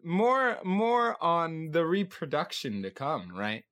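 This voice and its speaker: A man's voice: a little high, huge pitch swings, takes it slowly, a bit bright. A man co-hosting a podcast in casual chat, thinking aloud and often checking in with "right?". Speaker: podcast co-host.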